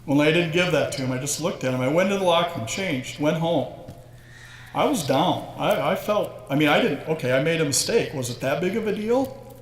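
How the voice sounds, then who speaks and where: A man's voice: on the high side, expressive, a little fast. A man in his sixties giving a humorous, self-deprecating induction speech full of stories. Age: 60s. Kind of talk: storytelling speech. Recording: echoey hall with faint ambience.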